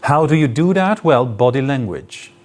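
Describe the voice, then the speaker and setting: A man's voice: mid-range voice, big pitch swings, moderate pace. A man lecturing to an audience in a hall, explaining his points with spoken examples and shifts in intonation. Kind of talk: live lecture.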